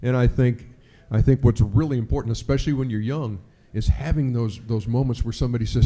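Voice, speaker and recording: A middle-aged man speaks to a live audience with a very dark, mellow voice. He tells stories animatedly and acts out quoted lines in a jumpier voice. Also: medium pitch, a little fast, hardly any pauses. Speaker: sportscaster giving a talk. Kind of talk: speech to an audience.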